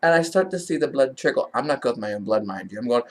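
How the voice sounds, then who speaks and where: A woman vlogger telling a story in a casual, animated way and laughing as she talks. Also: deep voice, fast, few pauses, a little hiss or hum.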